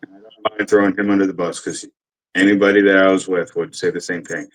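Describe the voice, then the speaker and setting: A man's voice: low voice, little pitch movement, fast, rough recording. A man in his forties, an army veteran telling a casual, rambling story full of cursing and fillers. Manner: rambling, profane, with many fillers.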